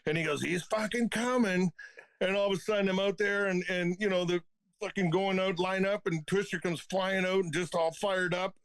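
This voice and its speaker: Profane retired hockey enforcer. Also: male voice, high-pitched, little pitch movement, a little fast, a bit bright, clean tone, no room sound. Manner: profane, laughing anecdotes. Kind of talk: casual storytelling.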